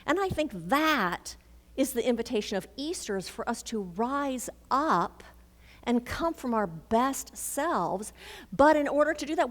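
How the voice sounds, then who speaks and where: Woman, sermon, storytelling, acts out conversations, long hall reverb. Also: fairly high pitch. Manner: storytelling, animated, acts out dialogue. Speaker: minister.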